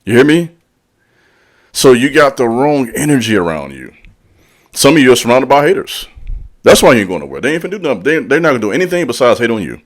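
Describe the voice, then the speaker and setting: A channel host and spiritual speaker delivers a blunt motivational monologue in a medium-pitched, very animated voice, talking fast. He preaches in casual slang, calls the listener out directly and repeats lines for emphasis.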